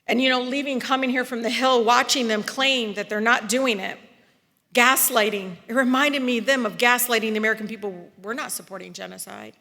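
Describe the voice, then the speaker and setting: Woman giving a fired-up speech, bright sharp voice, big echoey hall. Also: on the high side, fairly even intonation, brisk, creaky. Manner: impassioned, rising to loud emphatic peaks. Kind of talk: political speech at a rally. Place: large hall. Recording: long reverb of a large hall.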